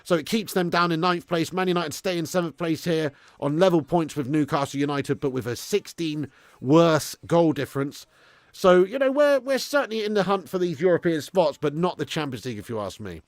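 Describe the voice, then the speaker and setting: Gravelly man hosting a live stream. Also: fairly high pitch, no echo. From England. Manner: banter-filled, swears freely, reads out viewer messages. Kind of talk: casual live watch-along chat.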